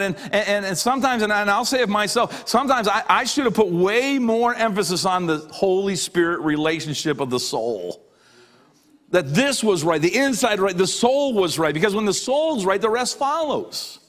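High-voiced man preaching a sermon. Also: lively intonation, moderate pace, fairly bright tone. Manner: emphatic preaching, repeats phrases, drops low for key lines. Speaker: pastor.

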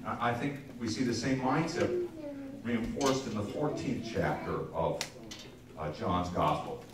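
A male pastor with a fairly low voice and big pitch swings preaches unhurriedly to his congregation, crowd noise audible around him. His sermon is conversational, full of repeated words, restarted phrases, and asides to listeners. It is recorded from a distance in an echoey church sanctuary.

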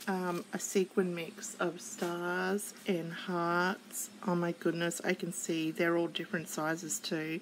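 A woman's voice: on the low side, flat delivery, takes it slowly, hardly any pauses, slight background noise, poor audio. A woman casually unboxing craft kits, chatty and gushing as she flips through papers and stickers. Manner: gushing and chatty, with many fillers. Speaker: craft kit reviewer.

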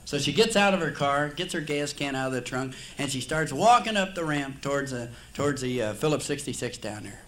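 A man's voice: medium pitch, animated, brisk, hardly any pauses, a bit bright. A man from the Cincinnati area doing live stand-up in a nightclub, folksy and ribbing the crowd. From Cincinnati, Ohio area. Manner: folksy, ribbing the audience, laughing at his own jokes. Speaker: stand-up comedian. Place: nightclub stage.

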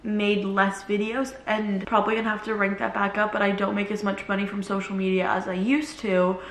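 A woman's voice: medium pitch, level tone, brisk. A young woman vlogging casually, rambling with lots of fillers, crying on and off. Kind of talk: casual vlog confession. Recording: echoey room.

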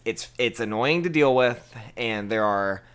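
A man's voice: medium pitch, measured pace, smooth. A man hosting a podcast, telling work stories in casual chat and laughing through them. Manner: animated, laughs through his own stories. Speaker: podcast host.

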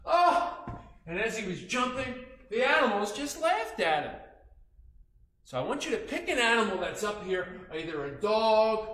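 A man's voice: high-pitched, moderate pace. A man telling a story to children in a playful way and inviting them to act along. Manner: playful, animated, coaxing the audience to join in. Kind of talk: interactive storytelling for kids. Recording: echoey room.

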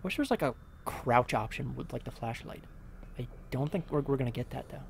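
A man's voice: mid-range voice, fairly quick, creaky, slight background noise. A young man nervously talking through a horror game as he plays, rambling and muttering to himself. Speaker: let's play host. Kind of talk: casual gameplay commentary.

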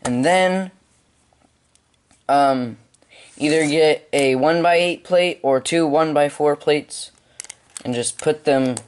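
A man giving step-by-step building instructions at home, halting with frequent ums. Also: on the high side, a little hiss or hum. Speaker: hobby video maker.

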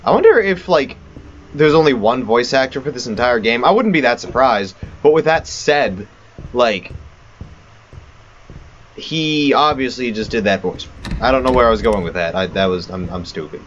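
A man's voice: mid-range voice, expressive, moderate pace, a bit bright, muffled recording, a little hiss or hum. A man giving rambling, self-mocking let's play commentary on a horror game. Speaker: gamer.

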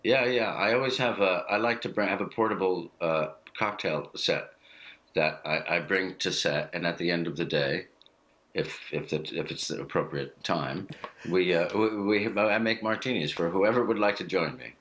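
An American man in his fifties, chatting over a video call from his home studio, laid-back, self-mocking and quick to laugh. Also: deep voice, a bit bright. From United States. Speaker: guest actor. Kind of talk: casual chat.

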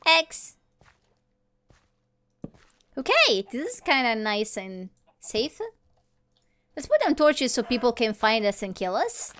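A woman chatting casually while playing a game, playful and giggly, with excitable exclamations. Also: fairly high pitch, slow, long pauses. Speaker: gamer recording a let's play. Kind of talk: casual gameplay chat.

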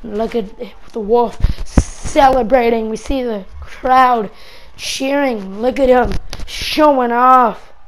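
A high-pitched woman calls a wrestling match in a game move by move. She is excitable and breaks into shouts whenever a big move lands. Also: takes it slowly, a little hiss or hum, low-quality recording. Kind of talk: play-by-play commentary.

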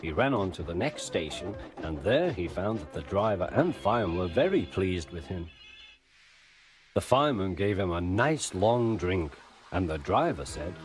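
Expressive male narrator with a low voice, lively storytelling over music. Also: moderate pace.

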